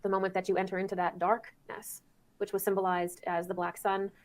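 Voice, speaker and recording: A woman speaking calmly and earnestly about spiritual traditions in a flowing way. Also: medium pitch, a little fast. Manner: calm, earnest, flowing explanation. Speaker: occult speaker. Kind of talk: spiritual talk.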